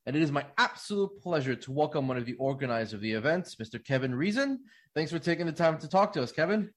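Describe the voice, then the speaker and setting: A man's voice: a little high, lively intonation, fast talker. A man, a parent himself, hosting an interview, rambling through his questions with many fillers and false starts. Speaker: radio host.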